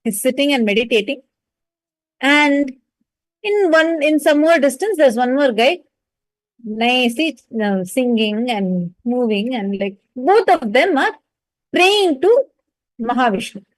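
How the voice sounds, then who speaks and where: Brief: woman teacher, lively devotional storytelling, fairly high voice, dry close sound. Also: a little slow, no echo, poor audio. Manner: animated, hesitant fillers, addresses listeners directly. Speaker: spiritual teacher.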